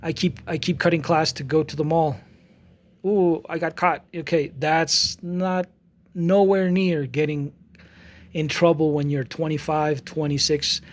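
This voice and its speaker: A man's voice: a little high, a little slow. Restless-talking man in his forties. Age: 40s. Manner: rambling, with frequent restarts and repeated words; animated storytelling, acting out both sides of a quarrel. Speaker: artist vlogger. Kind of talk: casual monologue.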